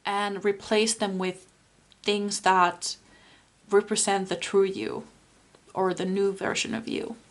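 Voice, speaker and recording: A woman giving a spoken tarot reading, soft and earnest, with many fillers. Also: mid-range voice, little pitch movement, takes it slowly, pauses often. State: tearful, emotional. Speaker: tarot reader.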